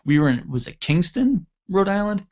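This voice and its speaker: A man from upstate New York telling a long story on a talk show, rambling and correcting himself, and lively when he acts out the dialogue. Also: high-pitched, normal speed, muffled recording. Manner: rambling with frequent self-corrections; animated when acting out dialogue. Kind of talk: casual anecdote telling.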